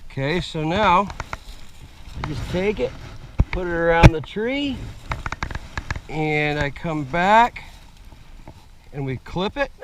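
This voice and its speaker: A man with a slightly rough voice, slowly explaining a camping gear setup step by step, outdoors on a camera mic. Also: a little high, a bit bright, a little hiss or hum. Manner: slow, plain step-by-step explaining with fillers. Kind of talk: casual how-to demonstration. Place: outdoors in woods.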